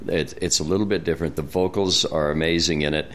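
A man's voice: very deep voice, fairly even intonation, fast, a bit bright. An older man from Wyoming hosting a casual studio chat, rambling and easygoing. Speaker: radio host.

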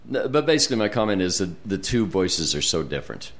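A man hosting a relaxed studio chat with musicians, easygoing and joking. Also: low voice, quick pace.

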